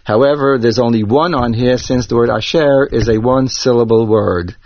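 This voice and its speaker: A man teaching Torah cantillation, explaining each accent mark slowly and methodically, step by step. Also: medium pitch, a little mellow. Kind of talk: instructional explanation with chanted examples. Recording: dull lo-fi dry recording.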